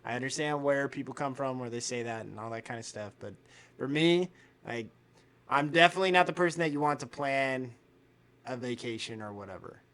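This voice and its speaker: Podcast co-host, man, bright tone, loose casual storyteller who swears and plays out the quotes. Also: medium pitch, a little fast. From United States. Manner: animated storyteller, acts out quotes, swears freely. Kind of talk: casual chat.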